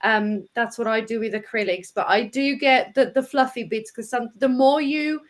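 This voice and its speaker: A woman's voice: on the high side, moderate pace. A woman co-hosting a live online Q&A, thoughtful and explaining step by step with the odd um. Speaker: co-host.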